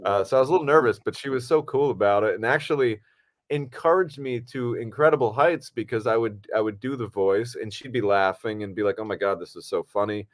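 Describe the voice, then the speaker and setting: A man with a medium-pitched voice talks a little fast as a podcast co-host. It's casual film podcast chat, easygoing and rambling, with plenty of fillers.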